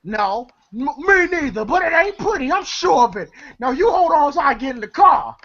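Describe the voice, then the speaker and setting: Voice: sits high, sing-song, moderate pace, fairly bright tone, voice pushed up, full character voice. A movie reviewer voicing a brash young male hustler who talks in a screeching, boastful way, on a dull lo-fi recording.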